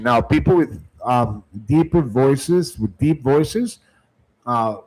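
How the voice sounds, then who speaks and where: A man's voice: medium pitch, poor audio. Emphatic man coaching sales callers. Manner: emphatic, repeats phrases, often asks "right?". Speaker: sales trainer. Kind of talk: coaching lecture.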